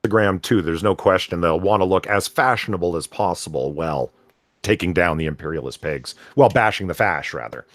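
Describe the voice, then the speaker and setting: A man's voice: deep voice, brisk, a bit bright, no echo, studio quality. A man co-hosting a comics podcast, reading an article aloud with sarcastic, exasperated commentary. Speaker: podcast co-host.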